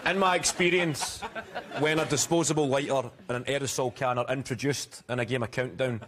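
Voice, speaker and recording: A male comedian on a panel show delivers jokes in a dry, mock-serious manner. The studio behind him is loud and noisy. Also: medium pitch, a little fast. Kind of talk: comic banter. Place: TV studio with live audience. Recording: noisy studio with audience laughter.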